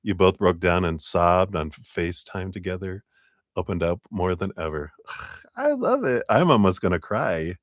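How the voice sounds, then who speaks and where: A man's voice: deep voice, moderate pace, no echo, studio quality. A man hosting a live tarot reading stream, bubbly and giggly, breaking into sing-song sounds. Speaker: tarot reader.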